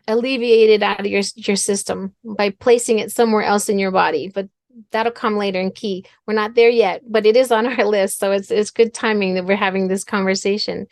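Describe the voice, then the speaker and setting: Speaking earnestly at medium pitch, a middle-aged woman on a talk show draws a lesson from her family life, circling back over words and phrases as she makes her point. The close, dry recording has hardly any room sound.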